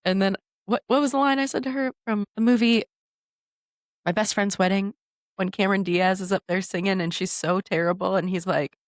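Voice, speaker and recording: A woman hosts a relaxed podcast conversation. She laughs easily and tells her stories with animated energy. The sound is dry and close, with no room echo. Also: mid-range voice, a little fast. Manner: giggly, animated storyteller. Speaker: podcast host. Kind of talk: casual chat.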